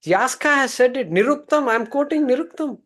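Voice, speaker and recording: A man voicing an astonished old male guru who exclaims in a raised, excited voice. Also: very high voice, fairly quick, voice pushed up.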